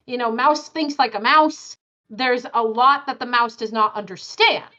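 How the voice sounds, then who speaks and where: A woman's voice: on the high side, moderate pace, sharp tone, lo-fi sound. A woman running a tabletop game as game master, narrating with frequent fillers and easy laughter. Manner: laughing easily, filler-heavy.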